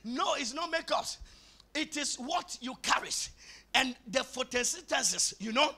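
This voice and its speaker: A male pastor preaching a sermon, building into shouted, sing-song passages. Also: very high-pitched, unhurried.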